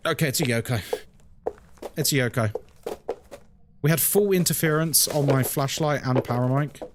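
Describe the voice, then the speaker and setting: A man's voice: medium pitch, normal speed, background noise. A British man streaming a horror game live, chatting casually and explaining things to his chat with lots of "like" and "um". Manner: chatty and explanatory, many fillers like "like" and "um". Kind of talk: live gameplay commentary, answering chat.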